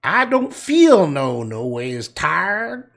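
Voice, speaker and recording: A man doing a mocking impression of a woman politician putting on a rural American Southern drawl, in a high, drawn-out twang. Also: sing-song, creaky, fairly bright tone, full character voice. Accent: put-on rural American Southern.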